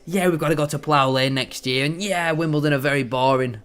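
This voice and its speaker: An excitable man giving gloating, bantering live commentary as a football fan on a match watchalong stream. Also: fairly high pitch, brisk, smooth.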